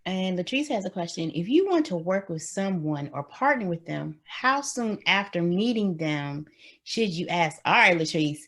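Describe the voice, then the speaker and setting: A woman's voice: on the low side, lively intonation, moderate pace, fairly bright tone. A woman moderating a Q&A session, plainly reading out audience questions.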